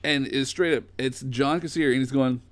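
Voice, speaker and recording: A man's voice: mid-range voice, steady tone, normal speed, no echo. A man in casual podcast chat, talking enthusiastically in a rambling way with lots of fillers.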